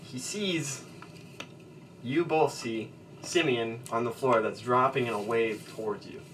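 A man narrating as game master of a tabletop role-playing game, relaxed and hesitant, with fillers and chuckles. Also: mid-range voice, a little slow. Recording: distant mic with faint background noise.

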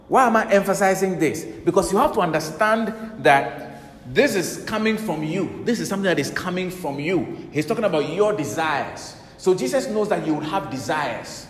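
A man's voice: sits high, expressive, normal speed. A man preaching a sermon emphatically, repeating key words and quoting scripture. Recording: echoey hall with faint ambience.

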